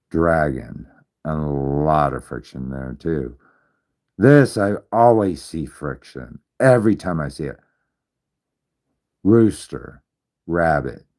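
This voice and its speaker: A man with an extremely low voice talks through a casual livestream explanation. He moves at an unhurried pace, repeating lists and counting aloud. He keeps checking in with the listener. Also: darkish tone. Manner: repetitive, counts aloud, checks in with "all right?". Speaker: livestream host. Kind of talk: casual explainer on zodiac signs.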